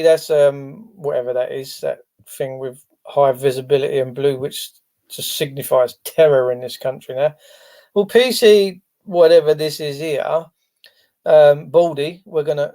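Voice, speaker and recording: A man's voice: a little high, mellow. A man hosting a casual livestream, rambling and chatty with lots of fillers. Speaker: livestream host. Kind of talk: casual live-stream chat.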